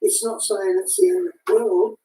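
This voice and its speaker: A woman giving an animated, casual spoken commentary, often restarting and repeating words as she talks. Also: mid-range voice, moderate pace, a little hiss or hum. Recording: echoey room, far from the mic.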